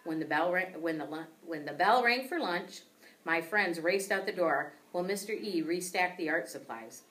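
A woman teacher reading a children's book aloud with expressive storytelling. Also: lowish voice, normal speed, recorded from a distance.

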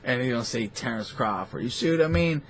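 A man's voice: mid-range voice, fairly quick, husky. A man hosting a boxing talk show, ranting in a profane, rambling and scornful way. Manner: foul-mouthed, animated, scornful.

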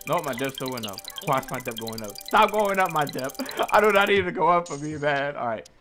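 Hyped gaming commentator, man, shouts at his crowd, music playing. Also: fairly high pitch, fairly quick. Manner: excitable, yells orders at his mob. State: out of breath. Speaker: gaming YouTuber. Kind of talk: casual let's play commentary. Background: game music.

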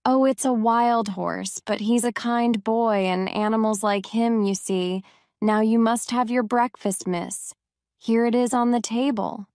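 A woman reading a storybook voices a kind, talkative young servant girl who speaks warmly and sometimes scolds gently. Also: a little high, fairly even intonation, unhurried, clear, resonant tone, no room sound, studio quality. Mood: chatty.

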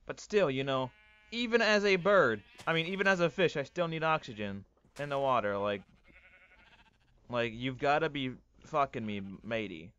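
A man doing excitable, swearing let's play commentary, ranting and often breaking into yells. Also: on the high side, moderate pace, clear, resonant tone, muffled recording. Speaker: gaming YouTuber.

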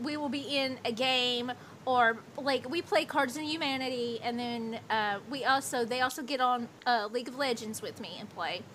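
Woman in her 30s streaming, high voice, swears a lot, rambles with "like" everywhere, faint noise behind. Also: bright, forceful tone. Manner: profane, rambling, lots of "like". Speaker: livestreamer. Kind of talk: casual storytelling.

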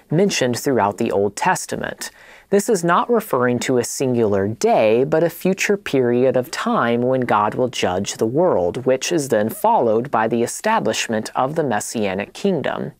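A woman reading a scripted Bible teaching in a measured, explanatory way. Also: very deep voice, a little mellow, no echo, clean studio sound.

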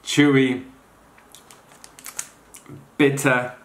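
A man's voice: mid-range voice, level tone, extremely slow, a bit bright. A man doing a casual taste-test review as a fitness vlogger, blunt and unimpressed, talking through mouthfuls. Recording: roomy echoey room.

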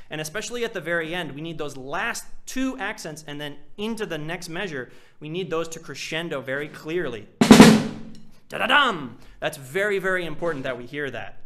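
A man teaching percussion in a live class, explaining technique casually and singing out rhythms as syllables. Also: fairly high pitch. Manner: animated, vocalizes drum rhythms with syllables. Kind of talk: live online masterclass.

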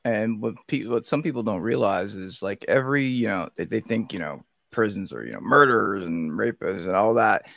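Low gravelly man chiming in. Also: moderate pace, hardly any pauses, a bit bright, dry recording. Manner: brief reactions and agreeing interjections. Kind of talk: casual chat.

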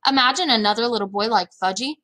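A woman doing a calm doubtful mom. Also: fairly high pitch, fast. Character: calm mother reading a book.

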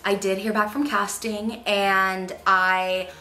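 A woman's voice: medium pitch, level tone, takes it slowly, pushed and bright. A young woman chatting casually to the camera, rehearsing audition lines and criticizing her own takes. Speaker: voice actor vlogger. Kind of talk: casual vlog talking to camera.

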